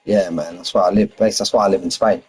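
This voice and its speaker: This Londoner talks fast in a deep, darkish voice with a breathy edge and fairly even intonation, chatting casually on a racing game stream from his home in Spain. "Mate" comes up constantly as he reads lap times and responds to chat. The recording is rough.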